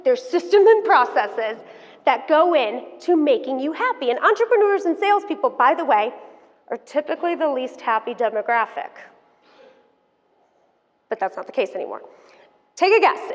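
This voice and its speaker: Animated woman speaking in an echoing hall. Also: high-pitched. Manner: animated storytelling, frank and playful with the audience. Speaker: keynote speaker. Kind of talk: motivational keynote talk. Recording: dull sound, long hall reverb.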